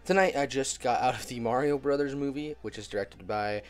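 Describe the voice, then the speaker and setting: Young man, casual movie review vlog, chatty, laughs easily, getting over a cold, mid-pitched voice. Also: brisk.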